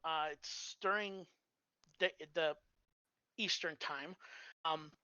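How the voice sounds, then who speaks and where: A streamer telling old clan anecdotes in a casual, halting way, with fillers and restarts. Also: mid-range voice, pushed and bright, clean tone, no room sound, dull audio. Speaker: storyteller on a live stream.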